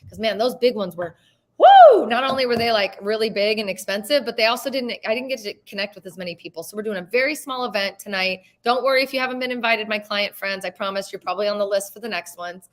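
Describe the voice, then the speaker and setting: A woman's voice: medium pitch, fast, few pauses, a bit bright. A woman who hosts a real estate show, chatting casually and emotionally, with the odd swear word. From Las Vegas. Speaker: real estate agent and host. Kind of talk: casual chat.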